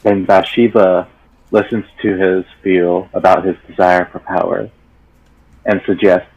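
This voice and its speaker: Deep slow-talking man playing a story game. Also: level tone, a little mellow, highs cut off. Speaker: player. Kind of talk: narrating a tabletop storytelling game.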